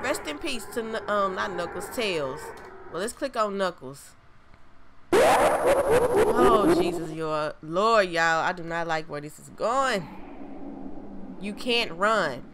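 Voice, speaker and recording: A woman streamer gives excitable, cursing commentary while playing a horror game. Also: fairly low pitch, moderate pace, heavy background noise. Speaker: gameplay streamer. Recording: loud game music behind the voice.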